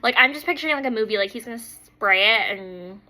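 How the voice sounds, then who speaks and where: A woman's voice: a little high, a little fast, rough recording. A woman in her thirties chatting casually at her kitchen table at home, telling a rambling story full of "like" and "um". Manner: rambling, heavy use of "like" and "um"; animated storyteller who acts out quotes. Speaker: makeup vlogger.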